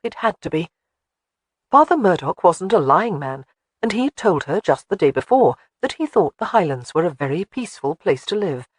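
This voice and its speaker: An audiobook narrator reading a historical romance, expressive storytelling at a close studio mic. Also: medium pitch, normal speed, husky, no echo. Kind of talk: scripted narration.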